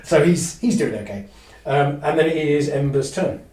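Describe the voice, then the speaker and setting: A man running a live tabletop game as game master, narrating in halting bursts with lots of fillers and restarts. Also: on the high side, lively intonation, a little mellow, roomy sound, distant mic.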